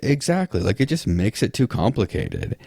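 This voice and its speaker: A man's voice: on the low side, wildly swooping pitch, moderate pace, creaky, mellow, husky, no room sound. A man talking as a podcast guest in a loose, rambling way, full of restarts, fillers and dry sarcastic asides. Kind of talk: casual interview chat.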